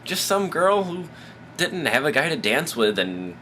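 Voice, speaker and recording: Drunk man vlogging, bright tense voice, rambling and swearing, faint hiss behind. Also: a little high, unhurried. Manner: rambling, profane, animated. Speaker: vlogger, host of his own show. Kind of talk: casual advice vlog storytelling.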